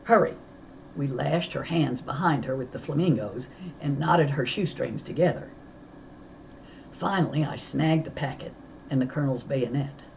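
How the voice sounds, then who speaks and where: A woman reading a children's novel aloud, telling it with lively storytelling. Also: very deep voice, normal speed, gravelly, highs cut off, a little hiss or hum. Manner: lively storytelling, voicing characters. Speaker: audiobook reader.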